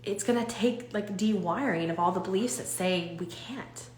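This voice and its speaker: A young woman coaching her audience on a live stream, talking in an animated, rambling way with many restarts. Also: mid-range voice, moderate pace, roomy sound, slight background noise.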